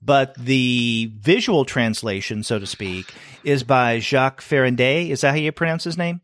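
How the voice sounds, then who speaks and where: A man's voice: mid-range voice, moderate pace, a bit bright. A middle-aged man co-hosting a podcast, chatting casually and thinking aloud with fillers and restarts. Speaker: podcast co-host. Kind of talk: casual comics review chat.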